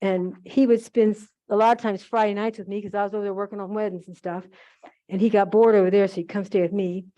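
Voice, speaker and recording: A woman's voice: mid-range voice, steady tone, quick pace, warm tone. An older woman telling rambling, chatty stories with asides while demonstrating holiday decorating. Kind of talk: casual storytelling during a demonstration. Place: museum event room. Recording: muffled museum archive recording.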